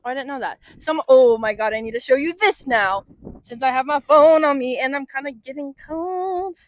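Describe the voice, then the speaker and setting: A young woman co-hosting a casual podcast, playful and eager, quick to laugh. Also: high-pitched. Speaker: podcast co-host. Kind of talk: casual chat.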